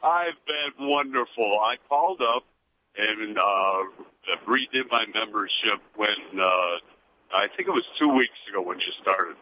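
Male radio caller from chicago, rambling, hesitant, bright voice, phone line sound. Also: on the low side, animated, measured pace, slight background noise. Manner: warm-hearted, rambling with hesitations. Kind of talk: phone-in call.

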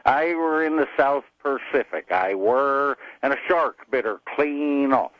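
A man voicing a gruff old male pirate with a growling pirate dialect, over a muffled phone line. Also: medium pitch, measured pace, dry recording, pitched above the performer's own voice, close to an everyday voice.

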